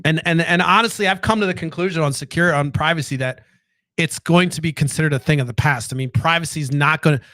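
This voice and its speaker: A man with a fairly high voice gives a loose, candid late-night monologue. He swears freely and keeps throwing rhetorical questions at his listeners. The sound is close and dry, with no room echo. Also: fast, a bit bright. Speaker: podcast host.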